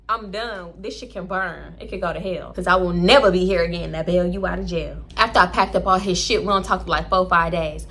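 Woman, vlogger, storytime, animated, profane, acts out both sides, bright forceful tone. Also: mid-range voice.

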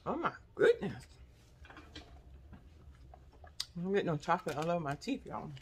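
A woman's voice: on the low side, unhurried, slight background noise. A woman, chatting casually in a haul vlog, tasting snacks and sometimes talking with her mouth full. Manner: chatty and expressive, says "y'all" often; talks with her mouth full while chewing. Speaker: vlogger.

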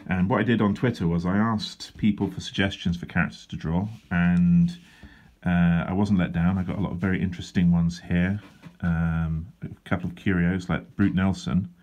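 A man with a low, deep voice talks casually about his drawing plans. His humour is dry and self-deprecating, and he wanders off on asides as he goes. He sounds like a comic artist vlogging from his desk. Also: level tone, moderate pace, a little mellow. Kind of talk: casual drawing vlog chat. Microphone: handheld wobbling camera.

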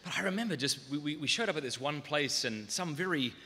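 An Australian man with a softened accent tells wry, self-mocking stories to a conference crowd. His tone is very bright and forceful, and his voice carries with a long echo through a large hall. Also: on the high side, expressive, quick pace, slightly rough. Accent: muted Australian. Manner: self-deprecating storytelling, comic asides. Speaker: conference speaker. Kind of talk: humorous talk to a live audience.

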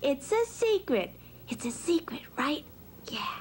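Very high, sing-song bratty puppet kid, slow-talking, faint hiss. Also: female voice, very animated, heavily acted. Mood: giggly. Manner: whiny, giggly, boastful. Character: squeaky bratty puppet schoolchild.

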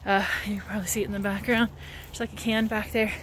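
A woman's voice: medium pitch, flat delivery, fast. A woman vlogging casually while walking her dog outdoors, rambling along with plenty of "like" fillers. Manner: chatty and rambling, many "like" fillers. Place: outdoors at sunrise. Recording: outdoor ambience with noticeable background noise.

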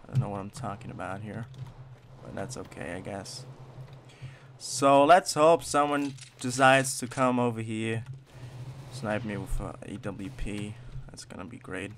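Young man, gaming commentary, hyper and sweary, loud bursts then mumbles, clear noise and typing behind. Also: fairly low pitch, measured pace. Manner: hyper, swearing, swings from shouts to mutters. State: wired on energy drinks. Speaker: gaming channel host. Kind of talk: gameplay commentary.

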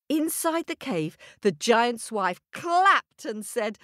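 A woman storyteller narrating a children's story in an animated, sing-song way. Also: a little high, slow pace, no room sound.

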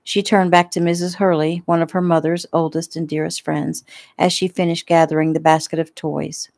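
Low-voiced woman reading her novel. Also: normal speed, dry recording. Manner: relaxed, homey storytelling with small slips and throat clearing. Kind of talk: casual audiobook narration.

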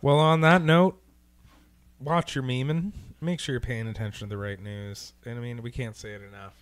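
A man's voice: mid-range voice, fairly even intonation, moderate pace, no echo. Laid-back guy on a podcast, swearing a bit, dry close mic. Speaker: podcast co-host. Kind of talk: casual chat.

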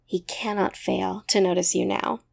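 A flamboyant young witch who loves attention speaks in a confiding, self-assured tone, as a woman reading a story puts her on. Her voice stays close to an everyday middle pitch. She comes from a storybook reading. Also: steady tone, moderate pace, creaky.

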